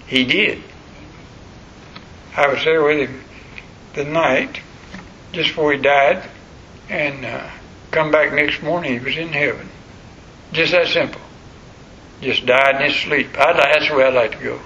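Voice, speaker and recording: A man's voice: on the high side, unhurried, pauses often, pushed and bright. An older man preaching a sermon in a folksy, rambling storytelling way. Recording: muffled lo-fi recording with faint noise.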